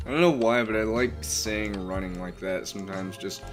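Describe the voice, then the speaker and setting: A tired man talks his way through a game stream in rambling, mumbled asides to himself. His voice is low and his pace slow and drawn out. Music plays clearly behind him. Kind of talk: casual stream commentary.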